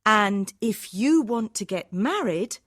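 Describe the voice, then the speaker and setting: A man's voice: very high-pitched, big pitch swings, unhurried, pitched above the performer's own voice, full character voice. A man reading a storybook and voicing a forthright young woman who speaks up for her friends.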